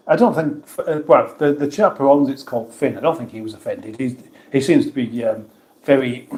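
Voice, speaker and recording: A man's voice: medium pitch, darkish tone, reverberant. A man hosting a casual livestream, reading viewers' comments aloud and answering them in a chatty, self-mocking way. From England. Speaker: livestream host reading chat.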